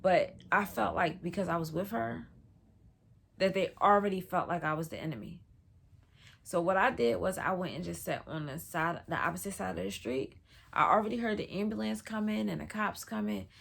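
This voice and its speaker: A young woman, telling a personal story in a casual, profane, animated way and acting out the people she quotes. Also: normal speed, gravelly, breathy edge. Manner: animated, profane, acts out quotes with big pitch jumps.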